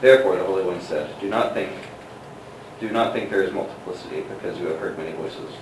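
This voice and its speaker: A male student reading a text aloud in class, slow and careful with hesitations. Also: sits low. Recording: distant voice in an echoey room with noise.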